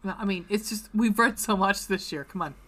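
Bright-voiced gushing woman podcaster. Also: mid-range voice, fairly quick, low-quality recording. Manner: gushing, emotional, swears freely. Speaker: podcast co-host. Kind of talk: casual book chat.

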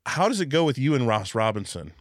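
A man's voice: mid-range voice, sing-song, quick pace, no room sound, studio quality. A man hosting a casual podcast interview, reflective and rambling with many restarts. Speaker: podcast host. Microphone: video call.

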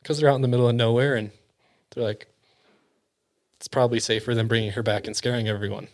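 A man at an average pitch tells an eerie tale in a relaxed, chatty way. He acts out the people in the story and often sinks to a soft, hushed near-whisper. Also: quick pace. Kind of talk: casual spooky storytelling.

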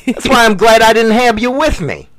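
High-pitched, lively, profane man. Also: normal speed. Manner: profane, boastful, mock-preaching. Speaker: podcast co-host. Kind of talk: casual banter.

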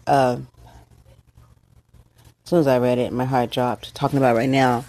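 A middle-aged woman from the United States, hosting a casual monologue, speaking emotionally and haltingly with many fillers and restarts, tearful. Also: very deep voice, flat delivery, mellow. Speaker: host. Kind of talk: casual monologue on current events.

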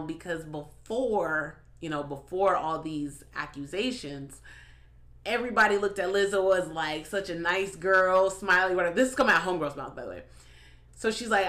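A woman's voice: on the low side, a little slow, fairly bright tone. A woman hosting a podcast, chatting casually with lots of laughs, profanity and filler "like"s. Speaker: podcast host. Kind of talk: casual chat commentary.

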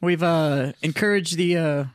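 A man's voice: a little high, measured pace, a little hiss or hum. Earnest male podcast host. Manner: earnest, wraps up with a toast. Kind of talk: casual podcast chat.

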